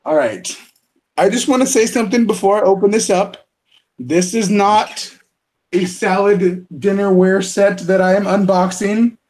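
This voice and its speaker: Male podcast host, a touch high-pitched, loose and chatty, quick to laugh at himself. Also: darkish tone. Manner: laughs often, self-deprecating. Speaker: podcast host doing live unboxings. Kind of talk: casual chat.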